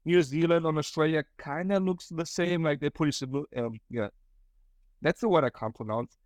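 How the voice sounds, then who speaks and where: German man rambling, slightly high, dry. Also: normal speed, darkish tone, no room sound. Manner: rambling, profane, laughs often, acts out quotes. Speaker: podcast host. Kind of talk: casual solo storytelling.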